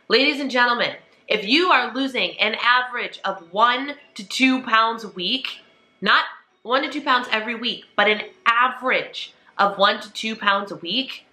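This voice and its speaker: Chatting casually from home, this vlogger in her thirties speaks to her audience with earnest emotion. Her mid-range voice sounds pushed and bright.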